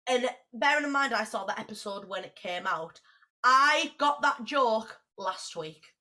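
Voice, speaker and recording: Female podcast co-host, slightly high, animated, swears a lot. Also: unhurried. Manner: animated, swears freely, laughs often. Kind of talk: casual chat.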